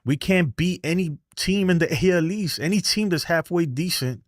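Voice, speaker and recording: A man's voice: a little high, normal speed, no echo, studio quality. A man hosting a baseball fan show, ranting heatedly on a livestream and reading chat messages, exasperated, profane, and often repeating himself.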